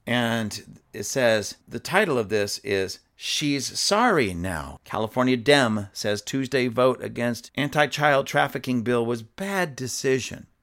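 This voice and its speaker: A man's voice: mid-range voice, measured pace, few pauses, fairly bright tone. A man giving opinionated commentary, reading news aloud and scolding emphatically, with fillers and restarts along the way. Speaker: political commentator.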